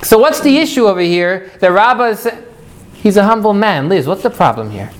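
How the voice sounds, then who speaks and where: A man teaching a live class, animated and jokey, putting questions to his students. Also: high voice, brisk.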